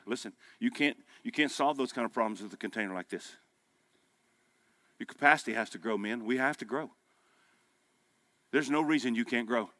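A man in his fifties preaching a sermon, with punchy exhortation that drops to quiet storytelling. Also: mid-range voice, normal speed, pauses often, no room sound. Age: 50s. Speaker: pastor. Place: breakfast meeting room.

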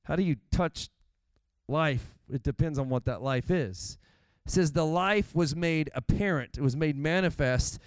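Smooth-voiced pastor preaching. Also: male voice, a little high, measured pace, no echo. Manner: conversational and animated, with asides. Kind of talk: sermon.

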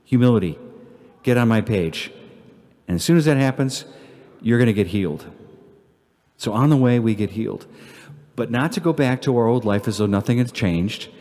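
A man, a priest, giving an earnest homily at Mass that swings between emphatic peaks and hushed prayer. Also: medium pitch, animated, normal speed, pauses often. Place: church. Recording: long church reverb.

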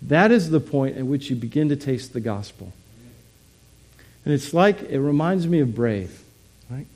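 A man's voice: medium pitch, expressive, a little slow, darkish tone. A man preaching a sermon in a conversational way, often asking his listeners questions. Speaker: pastor.

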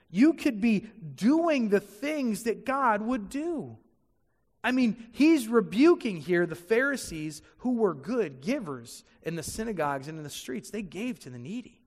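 A man's voice: sits high, a little mellow, long reverb tail. A man preaching a sermon to a congregation in a church, stressing his points by repeating them. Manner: emphatic preaching with repeated phrases. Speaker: pastor. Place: church sanctuary before a congregation.

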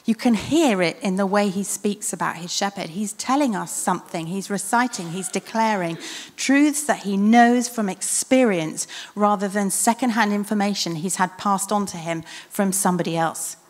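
Woman, preacher, sermon, earnest and reflective, emphatic repetition, soft hushed passages, long church-hall reverb. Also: mid-range voice, moderate pace.

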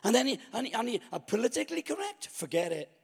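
A man's voice: very high-pitched, very animated, fast talker, creaky, husky, in a large hall. A man preaching a storytelling sermon, acting out his own past thoughts.

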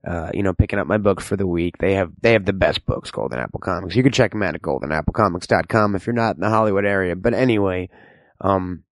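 A man spins a stammering, mock-somber comic tale as an ad read. His voice sits a bit low. The recording is close and completely dry. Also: quick pace, dry recording. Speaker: comedy ad reader.

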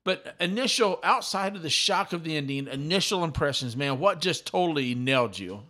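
A middle-aged man hosting a podcast in an animated, talkative way, often repeating and restarting his words. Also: a little high, moderate pace. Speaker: podcast host. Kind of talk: excited casual chat.

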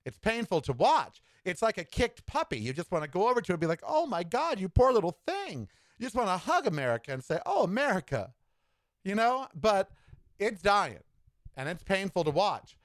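On his own podcast, a man delivers a sassy, opinionated monologue with campy asides, swinging dramatically in pitch and tempo. His voice is a bit bright and fairly quick, recorded dry.

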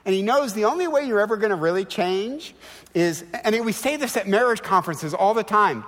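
A middle-aged man preaching a sermon in a church, emphatic and animated, firing off rhetorical questions. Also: sits high, fairly quick. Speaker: guest preacher. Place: large church sanctuary. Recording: long church hall reverb.

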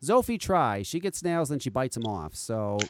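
A man hosting a podcast in casual chat, an animated storyteller who swears freely. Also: normal speed, noisy background. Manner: animated, swearing storyteller with lively pitch swings. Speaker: podcast host.

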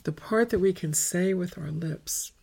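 A woman leads a meditative spiritual retreat talk, speaking very slowly with a gravelly, husky edge. She often sinks into a near whisper and lets phrases pile up in long, chant-like lists. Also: fairly low pitch. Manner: soft, often dropping to a whisper, incantatory lists.

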